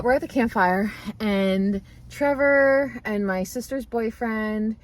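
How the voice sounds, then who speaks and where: A woman in her thirties telling a story in a casual vlog, chatty and animated, laughing often as she talks while moving around a room at home. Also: medium pitch. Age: 30s. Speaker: vlogger.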